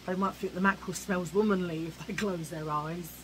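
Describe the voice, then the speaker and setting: A woman's voice: lowish voice, steady tone, a little fast, poor audio. Woman ranting on her vlog, cheeky and chatty, bit of hiss behind. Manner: chatty, cheeky, ranting, mimics old-fashioned voices. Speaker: vlogger. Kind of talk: casual rant to camera.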